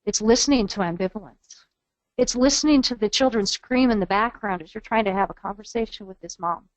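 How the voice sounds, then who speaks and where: A woman's voice: mid-range voice, brisk, no room sound, poor audio. A woman trainer giving a webinar lecture in an earnest, coaching manner, modeling phrases aloud.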